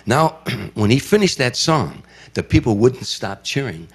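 A man's voice: medium pitch, very animated, measured pace, slightly rough. An older man from Chicago, an entertainer, telling a vivid story in an interview and acting out the voices of the people in it. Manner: vivid storyteller who acts out quoted voices.

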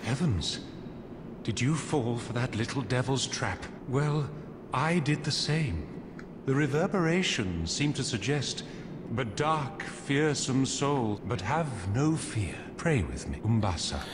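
An actor playing a gentle, pious male cleric in a video game, speaking softly and prayerfully. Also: mid-range voice, big pitch swings, slow pace. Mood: resigned. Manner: soft, prayerful. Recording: game audio with long reverb and hiss.

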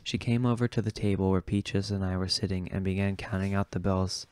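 A man reading an audiobook chapter aloud in a steady, unhurried way. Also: sits low, clear, resonant tone, no room sound. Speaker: audiobook reader. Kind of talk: audiobook narration.

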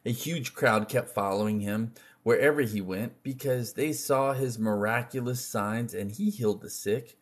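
A man reading scripture aloud in an unhurried, measured way, with occasional slips and restarts. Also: medium pitch. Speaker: scripture reader.

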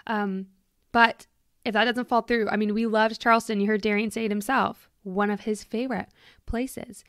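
Woman podcast host, late twenties, clear smooth voice, dry close sound, chatty and gushing. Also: medium pitch, steady tone, moderate pace, a bit bright, no room sound. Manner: chatty and heartfelt, full of "like" and gushing thanks. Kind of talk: casual reflective podcast monologue.

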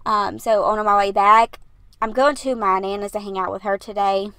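A woman's voice: mid-range voice, level tone, normal speed, sharp tone, clear, resonant tone, dry recording. A young woman, chatting breathlessly in a rambling, laughing voiceover, recorded in her parked car. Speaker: YouTuber narrating a build video. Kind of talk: casual voiceover.

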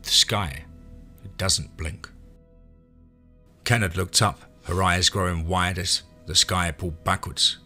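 A man reading a western horror story aloud in first person, steady and dramatic. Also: sits low, husky. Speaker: narrator.

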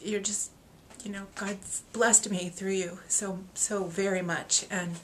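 With slight background noise, a woman's steady, mid-range voice moves at a slow pace. As an author opening gifts from readers on video, she reads a letter aloud, emotional and gushing, laughing and choking up.

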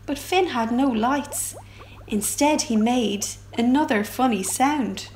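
A woman reading a children's picture book aloud for a library storytime, with expressive sound effects. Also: fairly high pitch, takes it slowly, a little hiss or hum.

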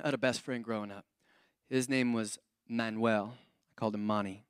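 A man in his thirties preaching a sermon as a pastor, telling stories in an animated, playful way and acting out voices. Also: on the low side, normal speed, smooth, dry recording, studio quality. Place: church auditorium.

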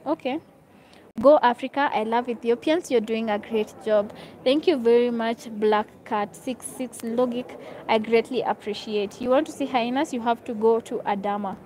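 A woman's voice: fairly high pitch, darkish tone. A woman hosting a live stream in a hotel room, chatting casually as she reads viewer comments aloud and answers them, laughing easily.

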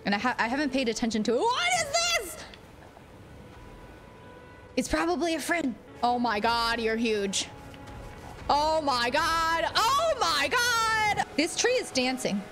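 A woman streaming a video game, reacting with giggles, gasps and excited squeals. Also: high voice, moderate pace, pauses often, over music.

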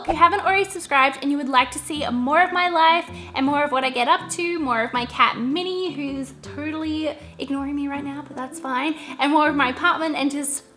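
A woman's voice: high-pitched, a little fast, hardly any pauses, sharp tone. A young woman chatting in a bubbly, giggly way through a casual shopping haul vlog. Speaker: vlogger.

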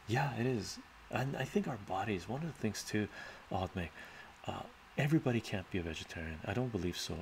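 A man's voice: deep voice, gravelly, slight background noise. A man hosting a live stream, reading out chat questions and musing through them in a thoughtful, rambling way with sighs and fillers.

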